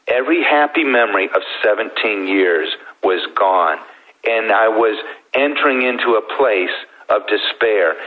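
Earnest man with a lowish voice. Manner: earnest, heartfelt, with slow pauses. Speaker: guest telling his story. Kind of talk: emotional personal testimony. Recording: thin phone-like sound.

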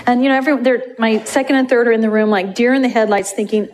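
Woman, prayer minister, storytelling testimony, animated, slightly high voice, faint background noise. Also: fast talker. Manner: animated, acts out voices, laughs at her own jokes.

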